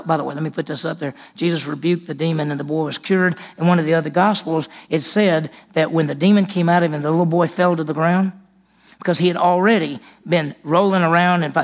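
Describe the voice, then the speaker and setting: Slightly high, gravelly preaching man. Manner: storytelling preacher who acts out the scripture dialogue. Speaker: pastor. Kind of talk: sermon. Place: church.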